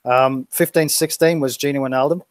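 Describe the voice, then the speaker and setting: A man in the quizmaster seat of a casual online stream, reading each set of answers in a lilting, list-like rhythm. His voice sits at a middle pitch and comes through dry and close, with almost no room sound. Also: steady tone, moderate pace, dry recording. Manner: reads multiple-choice options out in a lilting list. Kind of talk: live quiz stream chat.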